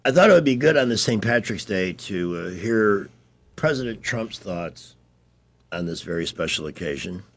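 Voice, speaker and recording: A man's voice: lowish voice, expressive, moderate pace. A man hosting a radio talk show, chatting casually, joking and telling personal stories with animation.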